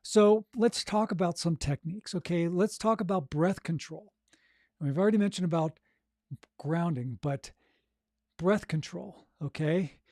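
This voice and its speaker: A man coaching authors on narrating their audiobooks, talking casually and demonstrating breathing and voice warm-ups. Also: high voice, measured pace, no room sound, studio quality. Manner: encouraging, conversational, frequent "okay?" and "right?". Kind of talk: coaching monologue.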